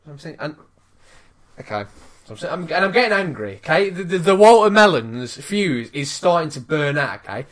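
A podcast co-host, telling an angry story in an excitable, sweary way and mimicking people. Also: medium pitch, normal speed. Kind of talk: animated storytelling rant.

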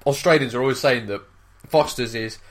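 A man's voice: mid-range voice, a little fast. A man co-hosting a casual podcast, incredulous and teasing, swearing freely. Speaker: podcast co-host.

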